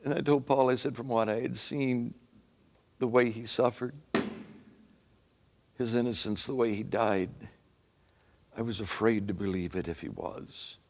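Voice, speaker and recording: A man's voice: mid-range voice, fairly even intonation, unhurried, pauses often, lightly acted. A man performing a dramatic first-person monologue as a remorseful Roman centurion, telling his story earnestly and solemnly.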